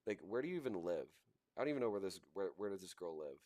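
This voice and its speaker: An indignant man giving live reaction commentary on his stream, his voice on the low side. He repeats his points and breaks into scornful laughs. The sound is dry and close, with no room echo. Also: sing-song, fast, warm tone. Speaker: livestream host.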